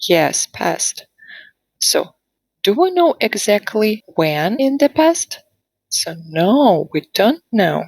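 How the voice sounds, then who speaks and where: A woman teaching a grammar lesson online, slowly modelling sentences for students to repeat and asking them questions. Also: medium pitch, very animated, vocal fry, a little mellow, dry recording. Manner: slow, deliberate modelling of sentences for repetition. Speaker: English teacher. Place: online class.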